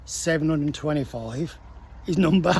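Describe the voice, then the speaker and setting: A man's voice: fairly high pitch, normal speed, husky. A man in his sixties, a military veteran telling a casual anecdote and acting out the voices of the people in it. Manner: lively storyteller acting out the voices of others.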